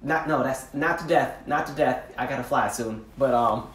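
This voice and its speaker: A man hosting a podcast, telling casual stories in a slangy, animated way and laughing often. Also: medium pitch, takes it slowly, echoey room. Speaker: podcast host. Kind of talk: casual storytelling monologue.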